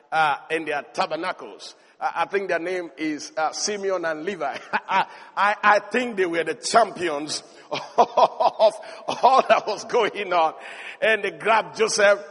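A male preacher with a very high voice delivers an animated sermon, building to emphatic shouts. He speaks in a large hall. A long reverb trails each phrase.

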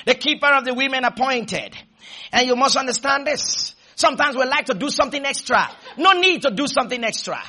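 A man preaching a sermon, leading the congregation in call-and-response with shouted refrains, then dropping into quiet, humorous storytelling. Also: extremely high pitch, animated, a little fast.

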